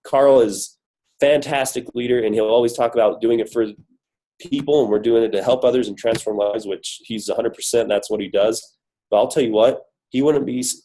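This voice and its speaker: Speaking on a team coaching call, a corporate guest with a cold delivers an upbeat, emphatic motivational talk full of rhetorical questions. His worn voice is lowish and mellow, and the recording is low quality.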